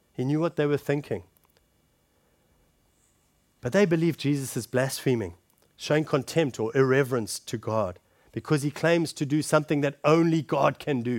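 A man preaching a sermon, calling his listeners friends and shifting between forceful punches and hushed scripture reading. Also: fairly high pitch, no echo. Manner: emphatic, addresses the congregation directly as friends.

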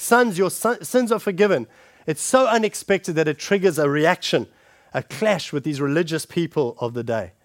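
A man preaching a sermon, calling his listeners friends and shifting between forceful punches and hushed scripture reading. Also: sits high, no echo, clean studio sound. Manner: emphatic, addresses the congregation directly as friends.

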